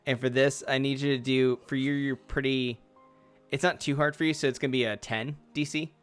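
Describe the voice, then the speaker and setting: Game master of a tabletop game, rambling and giggly, mid pitch, faint music behind. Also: fairly even intonation, brisk, clean tone. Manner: rambling, filler-heavy narration with laughs. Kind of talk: tabletop role-play session.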